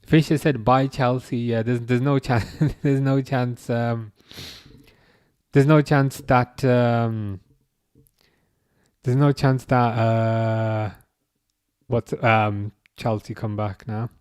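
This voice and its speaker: A man in his thirties hosting a live football watchalong, chatting casually and reading out comments, with a halting, restarting way of talking. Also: mid-range voice, flat delivery, darkish tone, clean tone, dry recording, clean studio sound. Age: 30s. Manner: halting, many restarts, chuckles often.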